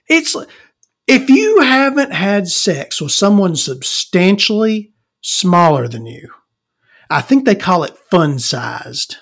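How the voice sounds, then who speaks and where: A man's voice: on the high side, sing-song, slow, gravelly, fairly bright tone. A man hosting a podcast, telling crude stories in a rambling casual monologue and calling himself Victoria. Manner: frequent fillers and self-restarts. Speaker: podcast host.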